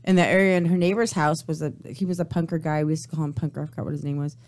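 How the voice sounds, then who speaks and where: A woman's voice: low voice, fairly even intonation, darkish tone. A woman in her forties co-hosting a casual radio chat, telling stories in a chatty way. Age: 40s. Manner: rapid storytelling, chatty. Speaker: radio co-host. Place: radio studio.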